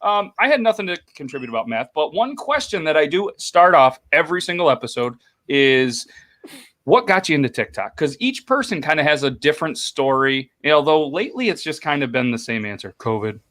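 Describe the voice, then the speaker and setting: A man's voice: fairly high pitch, very animated, fairly quick, a bit bright. A man interviewing a guest in casual chat, joking and playful.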